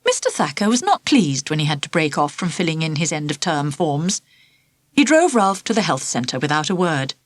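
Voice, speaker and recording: A woman narrating a children's storybook in an expressive, lively storytelling manner. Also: sits low, moderate pace, no echo. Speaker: audiobook narrator.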